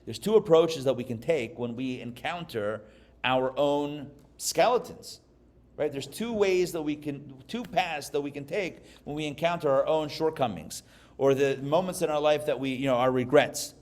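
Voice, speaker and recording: A man from Pittsburgh, a rabbi giving a live class, who tells stories and jokes in an animated way. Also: fairly high pitch, normal speed. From Pittsburgh, USA. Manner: animated, joking storyteller. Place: live class before an audience.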